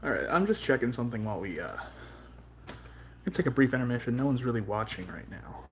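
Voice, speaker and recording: A man's voice: medium pitch, sing-song, fast, fairly bright tone, slight background noise. A young man streaming live, talking in a casual, profane, rambling way that turns heartfelt. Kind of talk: casual livestream chat.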